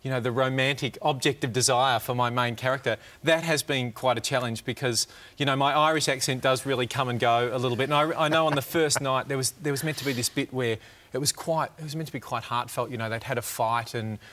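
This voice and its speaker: A man's voice: medium pitch, fairly bright tone. Rambling man, self-deprecating. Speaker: comedian guest. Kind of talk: casual interview chat.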